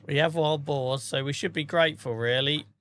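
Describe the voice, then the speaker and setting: A man's voice: fairly high pitch, fairly even intonation, moderate pace, fairly bright tone. A tired man chatting casually to viewers on a live stream, rambling, swearing freely and laughing at himself. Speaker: game streamer.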